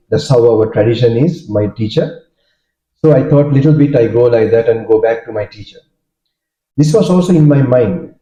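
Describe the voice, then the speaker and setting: Monk recounting stories in an echoey hall. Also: male voice, mid-range voice, dark tone. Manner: halting, storytelling, many fillers and restarts. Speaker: Buddhist monk giving a talk. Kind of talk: informal dharma talk. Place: hall with audience. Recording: dull echoey hall recording.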